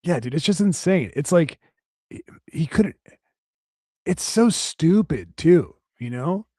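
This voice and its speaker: A man's voice: fairly high pitch, lively intonation, slow pace, dark tone, no room sound. Crude joking podcast co-host man. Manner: loose and crude, full of fillers. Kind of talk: casual comedic banter.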